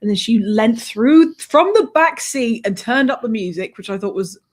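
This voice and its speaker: A woman guest telling a personal anecdote in a lively, conversational way, often laughing and swearing. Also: on the high side, normal speed. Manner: animated, laughing, swears freely. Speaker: author guest. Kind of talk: conversational storytelling.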